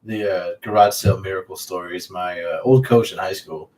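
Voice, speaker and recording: Low-voiced man, a bit off-mic. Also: steady tone, a little fast, darkish tone. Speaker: podcast co-host. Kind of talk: casual chat, anecdote. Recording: distant mic with faint background noise.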